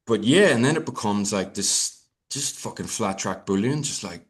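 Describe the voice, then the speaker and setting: Low-voiced Irish man, rambling and swearing. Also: animated, normal speed. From Ireland. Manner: rambling, swearing, many fillers and restarts. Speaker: podcast guest. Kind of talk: casual podcast chat.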